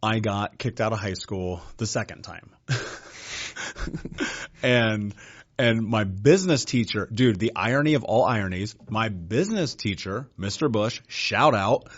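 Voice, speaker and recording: A man's voice: lowish voice, dull audio. A man as a podcast guest, telling his life story in a blunt, casual way with frequent swearing and "dude.". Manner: blunt, profane, says "dude" often.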